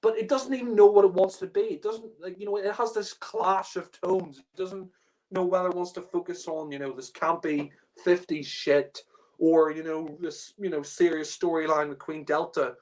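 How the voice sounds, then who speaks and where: A man's voice: sits high, fairly even intonation, normal speed. A man rants through a casual spoken review in an exasperated, profane way. His talk is loose and full of fillers like "you know" and "like." He breaks into laughter often as he complains.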